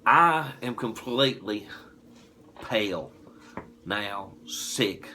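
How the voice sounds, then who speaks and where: A man in his forties with a Southern US accent, telling a folksy, animated anecdote. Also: on the low side, drawn-out words, a little hiss or hum. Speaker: distillery promoter. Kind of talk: casual anecdote.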